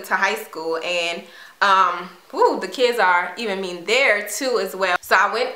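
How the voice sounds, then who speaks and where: A young woman from Washington, D.C., telling a personal story in a chatty, animated way with casual slang. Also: mid-range voice. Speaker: vlogger. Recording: echoey room.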